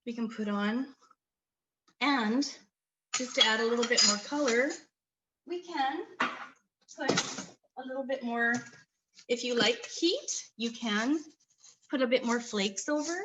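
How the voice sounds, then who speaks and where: A woman from Canada chats her way through a cooking demo with easy enthusiasm. Her voice sits a little high. A faint hiss of background noise hangs under the recording. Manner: chatty, enthusiastic storyteller. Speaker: cooking demonstrator. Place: community kitchen.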